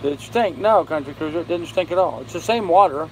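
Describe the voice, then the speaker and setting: Tired older guy chatting on a boat live stream, a bit high voice, faint fan hum behind. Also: expressive, a little mellow, poor audio. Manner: tired, slow, greets viewers by name. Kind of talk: casual live-stream chat reading comments. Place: on a sailboat with air conditioning and fan running. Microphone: phone.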